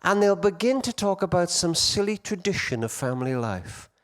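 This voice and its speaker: A middle-aged man telling stories to an audience of men at a conference, swinging between loud emphasis and hushed quiet. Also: high-pitched, sing-song, normal speed. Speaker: conference speaker. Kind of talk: storytelling talk to men.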